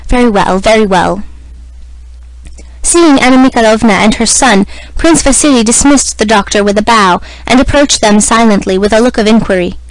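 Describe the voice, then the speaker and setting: A woman reading a classic novel aloud as scripted narration, in a measured, even manner. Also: fairly high pitch, dry recording, poor audio. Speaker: audiobook reader.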